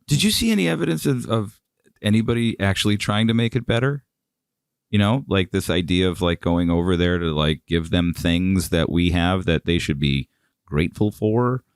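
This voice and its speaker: A man's voice: deep voice, lively intonation, moderate pace, clear, resonant tone, no echo, clean studio sound. A man hosting a podcast, asking curious questions and joking around. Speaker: podcast host. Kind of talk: casual chat. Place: podcast studio.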